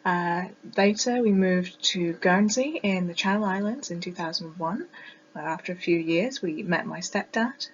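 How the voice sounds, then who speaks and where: A woman's voice: fairly low pitch, moderate pace, lo-fi sound, a little hiss or hum. A woman in her twenties from Scotland, speaking with a mix of RP English and East Neuk Scottish accent, giving a class presentation with many ums and uhs. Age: 20s. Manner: explanatory, with frequent ums and uhs. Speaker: student presenter.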